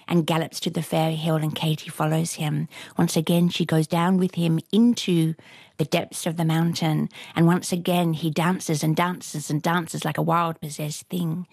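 A woman retelling a folktale aloud in a lively, rhythmic way, with a husky voice. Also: fairly low pitch, dry recording. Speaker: storyteller. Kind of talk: oral folktale telling.

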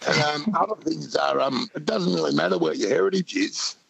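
A man's voice: a little high, a little fast, creaky, fairly bright tone, slightly rough, no room sound, low-quality recording. A man with an Australian accent phoning in to a radio show, laid-back and rambling with fillers. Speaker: caller.

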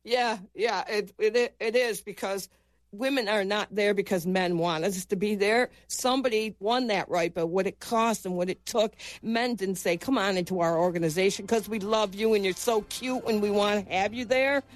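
A woman in her fifties recalls her past in a full, earnest voice, leaning hard on the points that matter to her. Her pitch sits in an ordinary middle range. The recording is close and completely dry, with no room sound. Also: normal speed, few pauses, no echo. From United States. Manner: earnest, emphatic storytelling. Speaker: interviewee, former boxer. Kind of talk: personal recollection in an interview.

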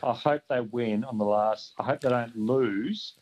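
A man calling in to a radio quiz, relaxed and plain-spoken. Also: medium pitch, unhurried, lo-fi sound, a little hiss or hum. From Australia. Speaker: caller. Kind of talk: talkback radio call.

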